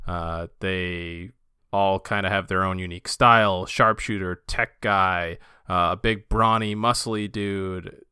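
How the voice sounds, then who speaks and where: A man's voice: lowish voice, bright, forceful tone, clear, resonant tone, no room sound, clean studio sound. A man co-hosting a casual fan podcast, enthusiastic and loose, with lots of fillers and restarts. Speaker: podcast co-host.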